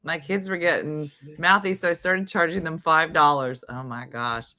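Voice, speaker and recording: A deep-voiced woman hosts a morning show at a moderate pace, chatting casually. Her storytelling is animated, with the quoted lines acted out in different voices.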